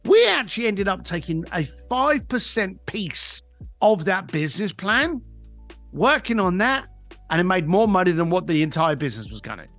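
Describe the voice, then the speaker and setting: Animated high-voiced storyteller. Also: male voice, moderate pace, faint music behind. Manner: animated storyteller, emphatic, acts out quotes. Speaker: guest, coach and author. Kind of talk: podcast interview storytelling.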